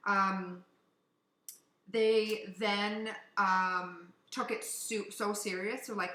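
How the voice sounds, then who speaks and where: A woman co-hosting a casual podcast from Canada, telling a story in an animated way, swearing and acting out what people said. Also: medium pitch, very slow. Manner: animated, swearing, acts out quotes. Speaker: podcast co-host. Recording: echoey room.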